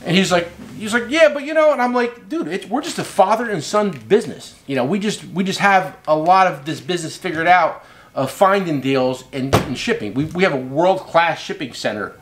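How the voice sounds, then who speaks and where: A man's voice: a little high, animated, normal speed, fairly bright tone, a little hiss or hum. A middle-aged man hosting his own show, telling a long story in a loose, rambling way and swearing casually. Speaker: host and tool company owner.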